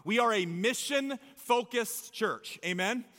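A male pastor preaching a sermon on a church stage, energetic and playful, with emphatic calls to the congregation. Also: high-pitched, slow. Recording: long reverb of a large hall.

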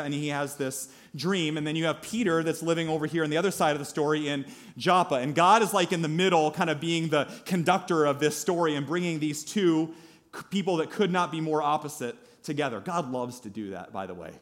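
Slightly high-pitched and a touch quick, this male pastor's voice animates a sermon story, breaking off for asides aimed at the people in the pews.

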